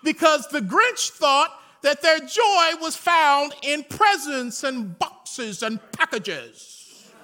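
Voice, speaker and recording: A high-pitched male pastor, preaching in a lively, storytelling way. His tone is piercingly bright and his pitch swings widely as he builds from chatty humor to shouted praise. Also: slow. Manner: animated preaching, rising to shouts. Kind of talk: sermon.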